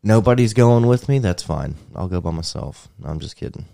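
A man's voice: low voice, lively intonation, fairly quick, vocal fry, dark tone. A man in casual chat, cracking crude, profane jokes in a rambling way.

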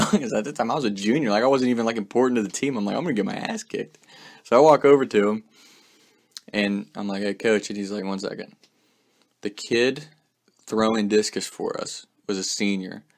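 A young man casually telling a story in a laid-back way, swearing freely and saying "like" often. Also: lowish voice. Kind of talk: casual anecdote.

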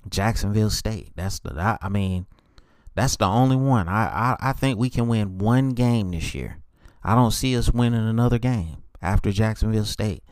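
A man hosting a solo sports podcast, speaking in a dejected monotone with many halting fillers. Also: on the low side, clean tone, dry recording, clean studio sound. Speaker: podcast host.

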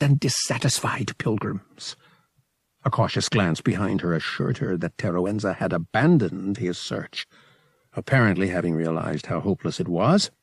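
A man reading a novel aloud as an audiobook narrator, telling the story in a measured, expressive way. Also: on the low side, vocal fry, slightly rough, dry recording, clean studio sound.

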